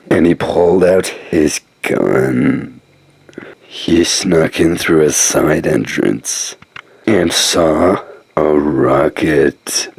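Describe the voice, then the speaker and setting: A man putting on a deep old-man voice to tell an improvised, rambling comic story full of jokes and asides. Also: gravelly, darkish tone, husky, no echo.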